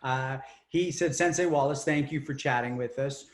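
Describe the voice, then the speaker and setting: A man's voice: mid-range voice, moderate pace. A male interviewer reading out questions sent in by viewers. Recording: echoey, distant room.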